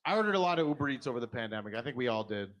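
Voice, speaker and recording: A middle-aged man doing a blunt, profane stand-up set, jumping into sudden high put-on voices. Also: sing-song, rapid-fire, a bit bright. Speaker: stand-up comedian.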